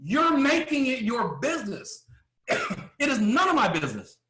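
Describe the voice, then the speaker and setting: A man giving a motivational speech to a live audience from a stage, emphatic and full of rhetorical questions and pauses. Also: very high-pitched, sing-song, sharp tone, reverberant. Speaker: motivational speaker.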